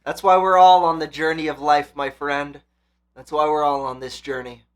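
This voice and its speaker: An anime reaction channel host with a slightly high voice talks at a moderate pace. His delivery is casual, excitable and sweary, alternating between loud hype and quiet thought.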